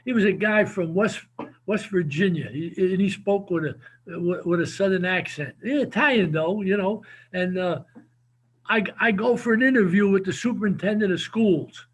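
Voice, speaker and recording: Husky high-voiced older New man. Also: normal speed. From New Jersey. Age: 70s. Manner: animated, repeats words, lively storyteller. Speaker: guest, former football coach. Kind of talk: casual storytelling interview.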